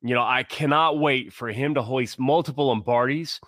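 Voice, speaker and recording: A man's voice: medium pitch, normal speed, a bit bright, no room sound. Man, sports talk co-host, passionate, rambling, restarts a lot, dry close recording. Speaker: podcast co-host.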